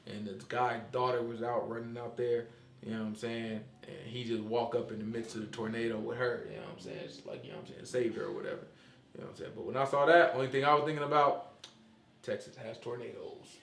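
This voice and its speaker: A man in casual chat, animated and slangy, who keeps asking "you know what I'm saying?". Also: mid-range voice, fast talker, vocal fry. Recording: roomy echo.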